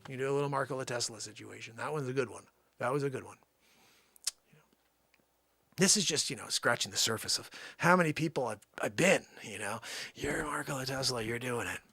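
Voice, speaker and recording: Comic bit: a braggart time traveler, put on by a man, gravelly and shrill, ranting and boasting. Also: brisk, dry recording, full character voice. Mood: hushed bragging. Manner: rambling, boastful, shouting outbursts. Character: boastful male time traveler claiming famous past lives.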